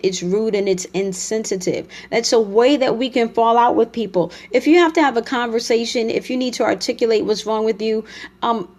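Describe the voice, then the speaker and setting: A woman relationship coach giving a motivational talk, direct and emphatic, lecturing her audience. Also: a little high.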